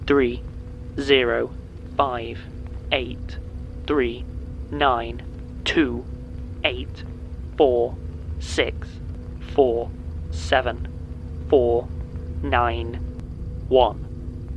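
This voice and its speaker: An actor playing a man who slowly reads out ominous coded numbers in an audio drama, with a gravelly, halting delivery. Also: mid-range voice, flat delivery, a little hiss or hum, poor audio. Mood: grim, measured.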